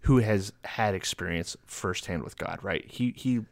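A man's voice: sits low, a little slow, gravelly, no room sound. A man co-hosting a casual podcast, explaining in a wry, joking way. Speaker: podcast co-host. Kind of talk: casual chat.

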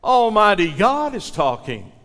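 A man's voice: high voice, sing-song, unhurried, fairly bright tone, long reverb tail. A male pastor preaching a sermon with dramatic delivery, asking the congregation to repeat lines after him.

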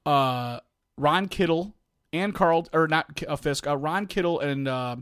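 Middle-aged male podcast co-host, lively storyteller who imitates others, slightly high voice, dry close mic. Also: a little slow, clean tone, no echo. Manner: animated storyteller, acts out quoted voices. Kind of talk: casual storytelling chat.

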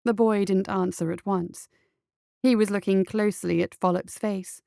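A woman narrating a story in a steady, measured reading voice. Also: mid-range voice, creaky, no echo, clean studio sound.

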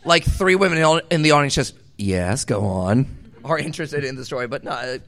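A man telling a funny childhood story on a comedy podcast, animated and laughing as he goes. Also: a little high, quick pace.

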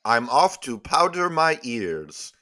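A man's voice: medium pitch, very animated, slow pace, bright, forceful tone, full character voice. A man voicing a polite, naive visitor in a comedy sketch, speaking formally. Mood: genial.

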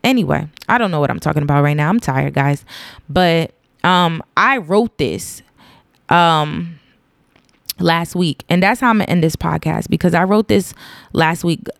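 A woman's voice: low-pitched, moderate pace, creaky, dry recording. Tearful, rambling woman podcast host. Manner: rambling, emotional and earnest. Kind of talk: casual solo podcast monologue. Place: home.

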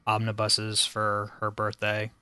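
A man's voice: fairly low pitch, monotone, unhurried, sharp tone, clear, resonant tone, no echo. An American man guesting on a podcast, giving short, dry answers in a casual chat. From United States.

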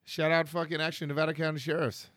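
A man's voice: a little high, flat delivery, fast talker, a bit bright, no room sound, studio quality. A man co-hosting a podcast, telling stories in a casual, profane chat. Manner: profane, storytelling. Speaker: podcast co-host.

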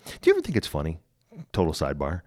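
A man co-hosting a podcast, chiming in with quick reactions and wisecracks. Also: extremely low pitch, wildly swooping pitch, no echo, clean studio sound. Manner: chimes in with quick reactions and wisecracks, laughs loudly. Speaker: podcast co-host. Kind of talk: casual chat.

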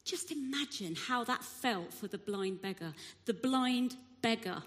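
A woman preaches a sermon in a slightly raised voice. She tells the story vividly and acts out the shouting crowd, and a long hall reverb trails each phrase. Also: on the high side, animated, measured pace.

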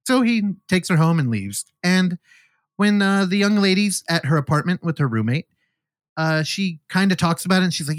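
A man's voice: fairly high pitch, sing-song, moderate pace, dry recording, studio quality. A man co-hosting a casual podcast, rambling and joking as he retells a film and acts out the characters' lines. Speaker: podcast co-host.

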